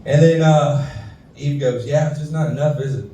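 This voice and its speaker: A man's voice: on the high side, steady tone, moderate pace, mellow. A man, telling profane stand-up stories on a saloon stage and acting out the people in them. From Houston, Texas. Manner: profane storytelling with voiced quotes. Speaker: stand-up comedian. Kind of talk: stand-up set. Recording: echoey room from far off.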